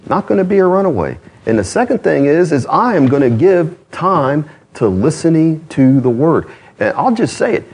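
A man preaching a sermon as pastor, conversational, with self-deprecating asides and lively swings in pitch. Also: normal speed, husky.

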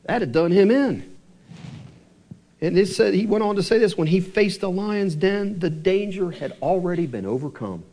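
A male pastor giving a sermon, asking the congregation rhetorical questions and slowing down for emphasis. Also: sits high, animated, mellow.

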